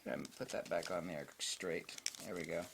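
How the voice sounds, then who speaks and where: A man's voice: low voice, fairly even intonation, normal speed, gravelly, background noise. A man hosting a photography channel, ranting bluntly and profanely about gear in a vlog monologue.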